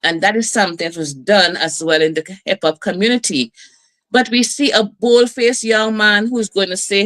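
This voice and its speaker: A middle-aged woman host, telling stories and preaching in a lively community broadcast. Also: mid-range voice, moderate pace. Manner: lively, preachy storytelling with laughs and asides.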